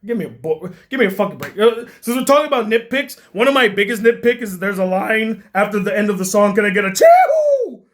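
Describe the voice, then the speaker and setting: Man, film critic, comedic rant, exasperated, profane, shouting bursts. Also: high voice, fast talker, few pauses.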